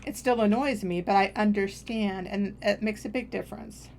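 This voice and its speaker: A woman's voice: mid-range voice, fairly even intonation, normal speed, gravelly, darkish tone, slight background noise. Chatty woman streamer rambling while gaming. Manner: chatty, meandering, self-deprecating. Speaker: game streamer.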